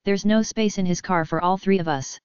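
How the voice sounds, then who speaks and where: A woman's voice: mid-range voice, brisk, clear, resonant tone, dry recording, close to an everyday voice. A woman voicing a whiny, spoiled young woman in a dull, dry recording. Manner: whining.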